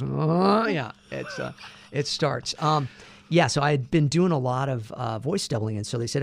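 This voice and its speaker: A middle-aged man, a voice actor, telling lively anecdotes in a casual interview and acting out the quotes. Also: mid-range voice, normal speed, vocal fry. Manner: animated anecdotes, acts out quotes. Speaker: voice actor guest.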